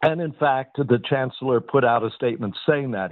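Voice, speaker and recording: A man in his sixties, a guest analyst on a radio news interview, talking in a measured way with many fillers and restarts. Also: mid-range voice, no echo. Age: 60s. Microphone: phone. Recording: tinny phone line.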